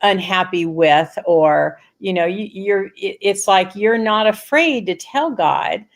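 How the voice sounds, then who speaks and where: A woman hosting an interview, talking earnestly and thinking aloud in quick rushed bursts. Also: medium pitch. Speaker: host. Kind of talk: reflective conversational interview.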